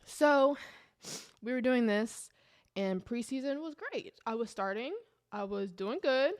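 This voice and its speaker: A young woman, a podcast guest telling her story in an animated way and acting out the quotes. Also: a little high, a little slow, dry recording, clean studio sound. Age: young adult. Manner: animated, acts out quotes in voices.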